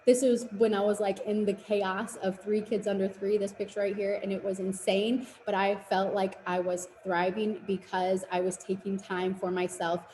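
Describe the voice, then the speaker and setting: A woman in her twenties speaks as a fitness business coach, earnest and encouraging as she presents a webinar. Her voice is mellow and soft-edged, at an ordinary pitch. The recording carries a noticeable roomy echo. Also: level tone, normal speed, hardly any pauses, slight background noise. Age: 20s.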